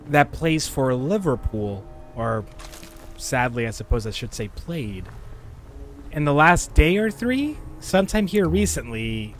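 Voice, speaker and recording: Chatty male streamer, lively pitch. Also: a little hiss or hum. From United States. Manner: chatty, rambling, laughs often. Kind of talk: casual gaming stream chat.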